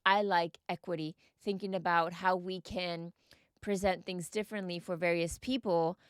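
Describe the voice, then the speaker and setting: Earnest woman host, smooth dry voice. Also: on the low side, fairly even intonation, normal speed, no echo. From United States. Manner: earnest, encouraging, asks the listener questions. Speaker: podcast host and mindset coach. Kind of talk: reflective podcast monologue.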